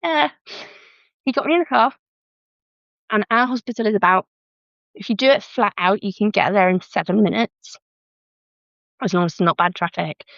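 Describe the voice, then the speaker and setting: A woman's voice: mid-range voice, normal speed, creaky, pauses often, no room sound. A young British woman with a British English accent tells a personal story in casual conversation, slipping into the voices of the people she quotes. Her voice sits in a middle register for a woman. It is recorded close and dry, and the sound is a little muffled. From Britain. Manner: lively, re-enacts quoted dialogue with "I was like". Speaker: guest telling her birth story.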